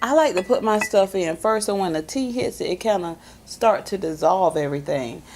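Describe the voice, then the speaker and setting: Chatty woman with a gravelly voice. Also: medium pitch, expressive, darkish tone. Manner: chatty, folksy, drawn-out emphasis. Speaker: vlog host. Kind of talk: casual chat to camera.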